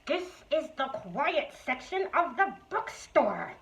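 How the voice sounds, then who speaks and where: High, slow, playful kids' show host. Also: female voice, very animated. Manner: bright, playful, slow and clear for kids. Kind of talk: playful children's show hosting. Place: bookstore. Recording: roomy, distant, slightly dull recording.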